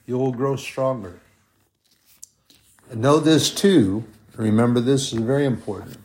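A man preaching a sermon, slow and deliberate, drawing out his emphatic phrases. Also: mid-range voice, darkish tone.

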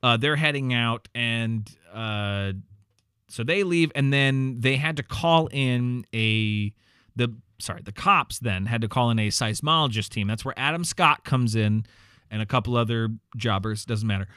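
A podcast co-host recaps a movie casually, rambling with plenty of fillers and restarts and acting out characters' lines in voices. His medium-pitched voice moves at a measured pace, pushed and bright yet smooth, in clean studio quality with no room sound.

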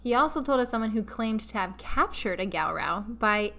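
Animated woman telling a playful story. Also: fairly high pitch, normal speed, gravelly. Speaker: podcast co-host. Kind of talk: casual podcast chat.

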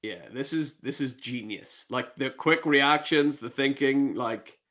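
A man's voice: mid-range voice, a little slow, a bit bright. A man co-hosting a casual fantasy football chat show, laughing and reacting to clips.

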